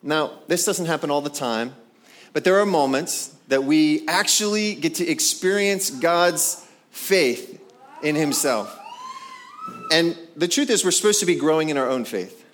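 A man with a somewhat high voice delivers a sermon in a lively, conversational way. He slips into playful character voices to act out scenes from scripture. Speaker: pastor.

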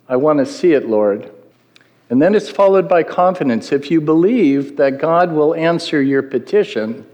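A man's voice: on the high side, a little mellow. A middle-aged man preaching a sermon in an earnest teaching manner, putting questions to his listeners. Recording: long hall reverb.

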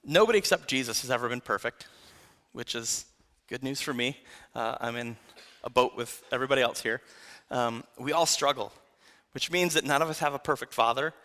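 A young man preaching a sermon in a casual, animated way, often saying "like" between thoughts. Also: medium pitch, fairly quick.

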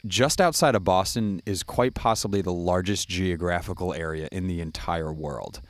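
A man co-hosts a loose conversation, voicing firm opinions in a ranting way. His voice sits a little low and the sound is dry and close. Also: normal speed, dry recording. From Connecticut. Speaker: podcast co-host. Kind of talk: casual chat.

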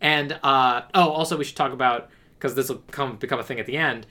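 A man's voice: medium pitch, a little fast, bright, forceful tone. A man co-hosting a podcast, wryly retelling a movie plot in casual chat. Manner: wry, retells scenes with quoted lines. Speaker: podcast co-host.

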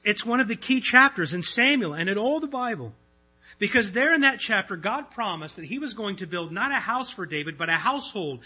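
A pastor delivers an earnest sermon in a conversational tone, his voice rising loud and then dropping almost to a hush. His voice sits high for a man and sounds very bright and edgy. It carries a husky grain throughout. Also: lively intonation, brisk, low-quality recording. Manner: earnest, conversational preaching with swings between loud and hushed. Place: church.

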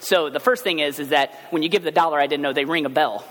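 A man preaching a sermon as pastor, telling everyday stories in a chatty, animated way. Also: fairly high pitch, fast, hardly any pauses. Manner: conversational storytelling, animated asides. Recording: long hall reverb.

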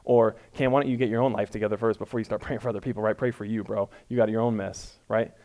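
A male pastor gives a relaxed, conversational sermon with a self-deprecating streak. He stays loose and chatty, then presses his points home with rising emphasis. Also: on the low side, fast talker. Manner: casual, self-deprecating, builds to emphatic peaks. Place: church room before a congregation.

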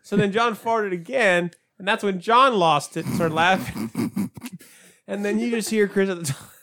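High-voiced young man reminiscing. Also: normal speed, sharp tone. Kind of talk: casual chat.

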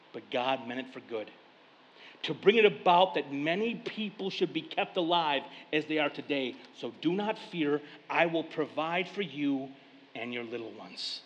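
A male pastor preaching a sermon, retelling scripture stories in lively casual speech. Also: fairly high pitch. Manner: animated storytelling, paraphrasing scripture in casual speech. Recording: long reverb of a large hall.

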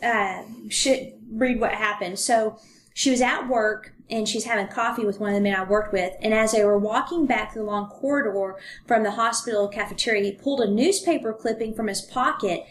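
A woman's voice: medium pitch, normal speed, slight background noise. A woman co-hosting a podcast, casually retelling a true-crime case in a chatty way with plenty of fillers. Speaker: podcast co-host.

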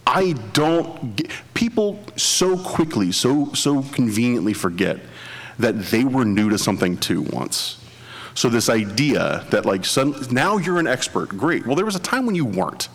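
A man chatting casually as a podcast co-host, animated and laughing often, with rambling restarts. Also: medium pitch, long reverb tail. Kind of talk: casual chat.

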